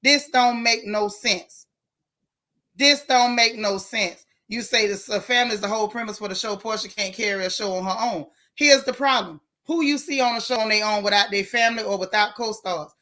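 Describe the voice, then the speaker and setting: A woman hosting a casual live stream, reading viewer comments and giving outspoken, animated reactions in colloquial talk. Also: medium pitch, normal speed. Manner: outspoken, animated, colloquial, talks back to the chat.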